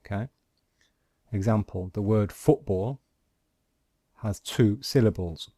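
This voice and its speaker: A man teaching pronunciation, patiently explaining phonetic symbols and modelling each sound slowly. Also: on the low side, mellow, dry recording, studio quality. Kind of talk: slow, deliberate lesson explaining phonetic symbols.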